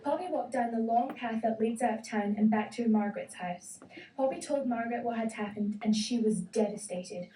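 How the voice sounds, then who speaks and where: A woman reading a children's story aloud in a gentle, expressive way. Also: on the high side, normal speed. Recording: roomy, distant, faint hiss.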